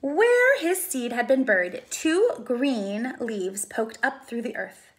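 A woman, a preschool teacher, reading a picture book aloud with expressive, sing-song storytelling. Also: a little high, slow pace.

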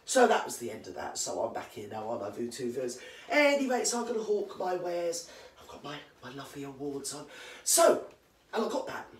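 Very animated and fairly quick with a natural voice, this performer becomes an indignant old British granny in a comedy monologue. She rambles through slangy, constantly swearing gossip, mock-outraged with big pitch swings, and the distant mic picks up a roomy space.

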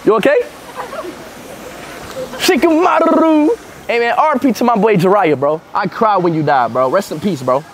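A young American man with a sore throat, vlogging casually on city streets and talking in loud, excitable bursts. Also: high-pitched, quick pace, few pauses. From United States. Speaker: livestreamer vlogger. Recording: noisy street background.

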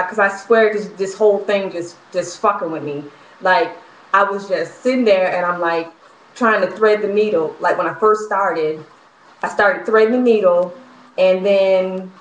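Exasperated young woman venting in an echoey room. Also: medium pitch. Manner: exasperated, profane, laughing ranting. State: frustrated, worked up. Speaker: vlogger. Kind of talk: casual venting vlog. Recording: echoey room, faint noise.

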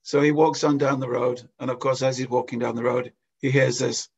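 A man giving a scripture class as a storytelling sermon, chuckling often and pausing with hesitations. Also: mid-range voice, little pitch movement, a little mellow, slightly rough. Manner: anecdotal, with frequent chuckles and hesitations. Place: temple hall. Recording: dull lo-fi lecture recording.

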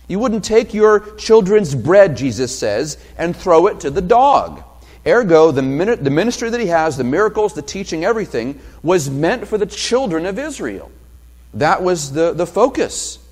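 A male pastor preaching an expository sermon, emphatic and passionate, building to loud peaks. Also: sits high, in a large hall. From New Hampshire.

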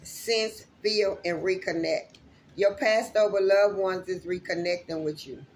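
A woman's voice: on the low side, fairly even intonation, unhurried, a little mellow, a little hiss or hum. A woman giving a casual spiritual reading to her viewers, chatty and emotional, swearing freely and speaking to them directly. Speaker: spiritual reader.

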